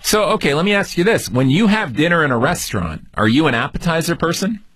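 A man's voice: fairly high pitch, big pitch swings, fast, a bit bright, husky, no room sound. A man hosting a radio call-in show, teasing and joking with a caller. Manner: playful, teasing. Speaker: radio host.

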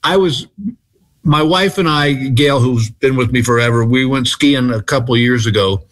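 A middle-aged man from Texas, telling stories as a comedy guest in a relaxed, self-deprecating way. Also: mid-range voice, normal speed. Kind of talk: casual storytelling.

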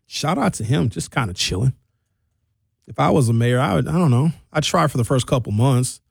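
A man in his forties hosts a radio talk show from a studio, riffing through an animated comedic monologue and acting out characters in quotes. His medium-pitched voice is fairly quick, creaky and husky, captured on a studio microphone with no echo.

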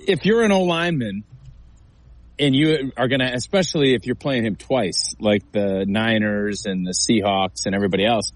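A man's voice: medium pitch, expressive, moderate pace, dry recording, low-quality recording. A man with a mid-range voice speaks as a sports analyst and former offensive lineman. He talks emphatically, telling locker-room stories and acting out what players would say. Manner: emphatic, storytelling, acts out quotes. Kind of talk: sports talk show.

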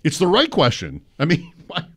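Wry, animated sports radio host. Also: male voice, a little high, normal speed. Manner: wry, gets worked up over small gripes.

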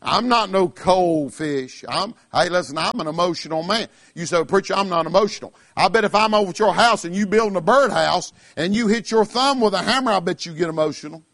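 Southern preacher, high-pitched, fervent, shouts at peaks, mimics his listeners. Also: lively intonation, brisk, vocal fry, hardly any pauses. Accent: Southern American. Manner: impassioned, rising to shouts, acting out listeners' objections. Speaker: pastor. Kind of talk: radio sermon.

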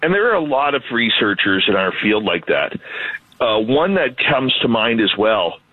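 A Canadian man, a radio host, telling stories in a casual, animated, self-deprecating way. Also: mid-range voice, normal speed, no echo, narrow, tinny audio. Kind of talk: casual storytelling conversation.

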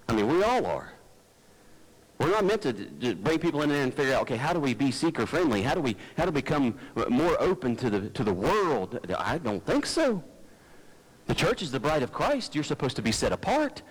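Man, pastor, conversational sermon, low talker, rambling asides, close headset mic. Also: sing-song, a little fast, husky, low-quality recording. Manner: low-talking, folksy, digressive, stumbles and restarts. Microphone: headset mic by the mouth.

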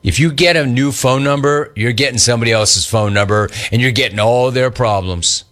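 A man's voice: mid-range voice, fairly quick, fairly bright tone. A man hosting a live talk show, reading out listener complaints and teasing a caller about his name. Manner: teasing, mocking repetition. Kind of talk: casual live show banter.

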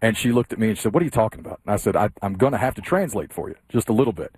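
A man's voice: lowish voice, lively intonation, racing, darkish tone, breathy edge, dry recording. A man, a guest co-host on sports radio telling a family story eagerly. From Blue Ridge Mountains, Southern US. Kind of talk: casual sports radio chat.

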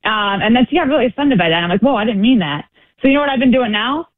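A woman calls into a radio show and tells her story with animated energy. Her high voice swings widely and arrives over a tinny phone line. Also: fast talker, no room sound. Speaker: caller.

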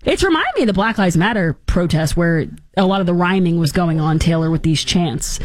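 A woman hosting a talk show, giving casual political commentary in a sarcastic, mocking and animated way. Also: fairly low pitch, brisk, dry recording.

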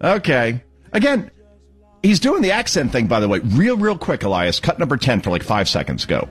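A man hosting a political talk radio show, sarcastic and animated, cueing audio clips as he comments on them. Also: mid-range voice, normal speed, husky.

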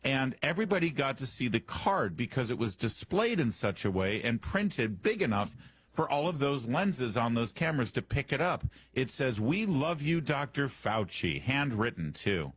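A man's voice: medium pitch, big pitch swings, moderate pace, fairly bright tone, husky, no echo. A man hosting a talk radio show, commenting in a sarcastic, mocking way from a studio microphone.

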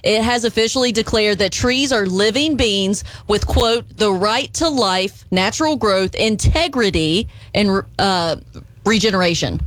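A woman's voice: medium pitch, unhurried. A woman co-hosting a morning radio show, chatting and reading out news items. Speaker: radio co-host. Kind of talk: casual morning radio banter.

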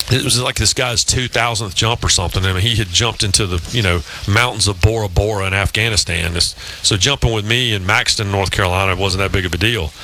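A man's voice: on the low side, pushed and bright, slight background noise, low-quality recording. A man in his fifties hosting a sports talk show, telling long rambling anecdotes in casual chat. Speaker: radio show host.

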